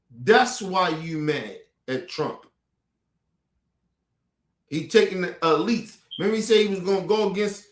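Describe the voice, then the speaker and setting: Recorded in an echoey room, this high-pitched commentary host reacts to clips with furious, foul-mouthed tirades full of sarcastic rhetorical questions.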